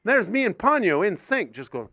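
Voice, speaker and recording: High, lively man from Canada doing stand-up. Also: moderate pace. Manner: rambling, absurd, self-mocking. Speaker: stand-up comedian. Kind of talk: stand-up set. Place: live comedy venue.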